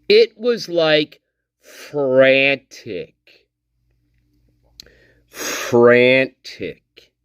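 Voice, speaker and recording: A man hosting a livestream, slowly reading out and mocking a statement in a profane rant. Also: on the high side, clear, resonant tone, no echo, studio quality. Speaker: channel host. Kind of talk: livestream commentary.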